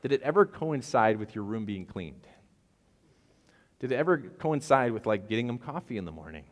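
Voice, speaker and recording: A man's voice: medium pitch, big pitch swings, moderate pace, long reverb tail. A man preaching a conversational sermon, telling the story with casual asides and jokes. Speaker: pastor.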